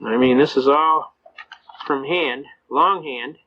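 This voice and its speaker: A man's voice: medium pitch, takes it slowly, background noise. An older man giving a folksy, anecdotal lecture to a live audience, telling stories and acting out dialogue. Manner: folksy storyteller, acts out dialogue in quotes. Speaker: seminar speaker on constitutional rights. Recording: dull lo-fi recording.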